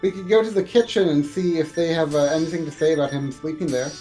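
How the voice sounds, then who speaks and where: A man's voice: fairly high pitch, steady tone, quick pace, mellow, faint music behind. A man playing a video game with a friend in casual chat, thinking aloud hesitantly and using many fillers. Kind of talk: casual let's-play chat.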